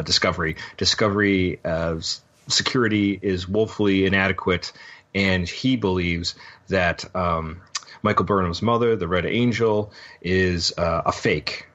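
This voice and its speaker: A man with a very deep voice talks through a show recap in a loose, meandering podcast chat, stopping often to fill gaps with ums and uhs. The sound is dull and lo-fi. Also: fairly bright tone. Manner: rambling, full of ums and uhs. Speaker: podcast host. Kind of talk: casual episode recap.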